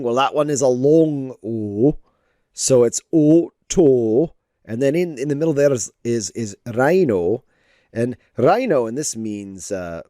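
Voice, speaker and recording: A man talks casually on a stream as he works on a drawing, drifting between comments and playful mock lessons full of filler words. He speaks at an unhurried, easygoing pace. His voice sits in a middle pitch and sounds dry and close. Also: darkish tone, no room sound. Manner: rambling, playful mock-teaching with many fillers. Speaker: digital artist streaming. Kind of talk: casual livestream chat while drawing.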